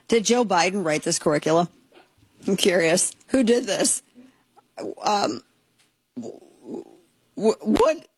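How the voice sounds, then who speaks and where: Husky-voiced woman hosting a talk show. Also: mid-range voice, lively intonation, takes it slowly, long pauses, no echo. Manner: incredulous, rambling, stammering restarts. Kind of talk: casual talk show banter.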